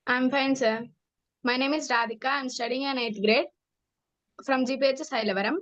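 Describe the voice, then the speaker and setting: A young student asks a guest questions over a call, formal and polite, addressing him as sir. Her high voice sounds distant and dull, as if through lo-fi call audio. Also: steady tone, brisk, a bit bright.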